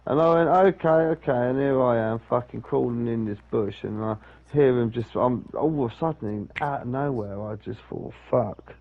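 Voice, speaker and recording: A man's voice: medium pitch, normal speed, vocal fry, few pauses. A young man telling a rambling story in casual chat, swearing often. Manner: swears a lot, rambles with restarts. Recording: dull lo-fi sound.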